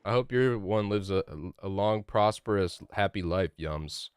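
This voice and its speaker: A man's voice: low-pitched, unhurried, few pauses, clear, resonant tone, dry recording, studio quality. A young man live-streaming a game, chatting loosely with his chat, rambling and swearing casually. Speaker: gaming streamer.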